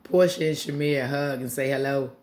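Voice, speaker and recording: Blunt, animated woman recapping reality TV. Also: extremely low pitch, normal speed. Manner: animated, blunt, swearing, mimics cast members. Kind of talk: casual profane show recap.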